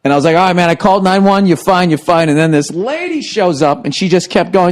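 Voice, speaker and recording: A man's voice: high voice, expressive, fast talker, hardly any pauses. Profane man telling a laughing story. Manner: profane, laughs through his own story. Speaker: podcast host. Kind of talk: casual storytelling chat.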